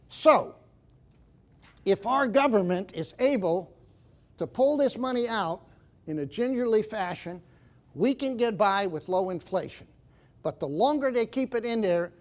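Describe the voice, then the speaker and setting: Emphatic older man lecturing. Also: sits high. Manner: emphatic, repeats key points, folksy. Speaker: investment manager giving a lecture. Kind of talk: lecture to an audience.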